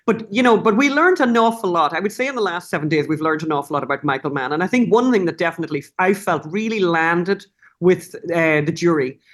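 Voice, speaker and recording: Animated woman guest, rambling restarts. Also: lowish voice, brisk. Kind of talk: casual interview talk.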